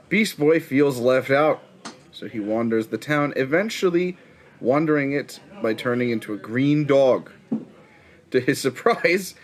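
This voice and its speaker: A man hosting a casual podcast, reading episode summaries and reacting with quick jokes. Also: medium pitch. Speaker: podcast host.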